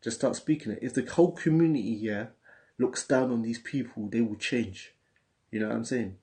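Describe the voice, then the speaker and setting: A man from England with a London accent hosts a casual livestream, speaking in street slang and reading viewer messages aloud. His voice is medium-pitched and darkish, at a normal speed.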